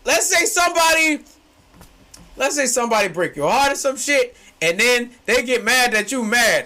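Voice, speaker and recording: A young man, co-hosting a casual chat that swings from low musing to shouting, laughing excitement. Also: a little fast. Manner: excitable, shouts and laughs when hyped, slangy. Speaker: podcast co-host.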